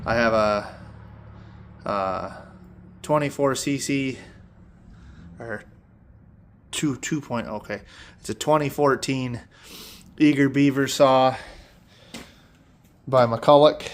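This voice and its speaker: A man from Michigan walks through his lawn care gear in a relaxed, unscripted vlog. He talks haltingly, full of "uh"s, and corrects himself as he goes. His voice sits at an ordinary pitch, caught on a phone outdoors with faint background noise. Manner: halting, with many fillers and self-corrections. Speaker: lawn service owner. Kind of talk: casual equipment walkthrough vlog.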